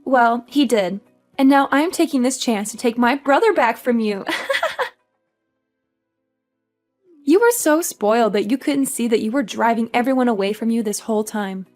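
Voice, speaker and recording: A woman's voice: fairly high pitch, animated, fairly quick, a little mellow, soft background music, close to an everyday voice. A woman voicing a smug, spoiled sister-in-law. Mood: taunting. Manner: smug, taunting, with mocking laughs. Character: spoiled, entitled, mocking younger sister-in-law. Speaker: voice actor. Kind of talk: dramatized story acting.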